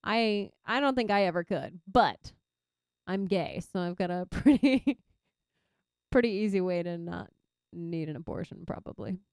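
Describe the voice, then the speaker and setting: A young Texan woman streaming a game and chatting casually, reacting loudly to her viewers. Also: lowish voice, lively intonation, measured pace, smooth, no room sound, clean studio sound. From Texas. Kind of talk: casual chat while gaming.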